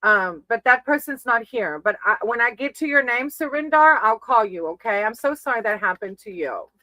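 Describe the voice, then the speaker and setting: A woman reads tarot for her viewers in a chatty, affectionate way. She calls them sweetie and baby as she works through names on her list. Her voice is bright and sharp, recorded dry and close. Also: on the high side, expressive, normal speed, no echo, low-quality recording. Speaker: tarot reader on a live stream. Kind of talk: casual live-stream tarot reading.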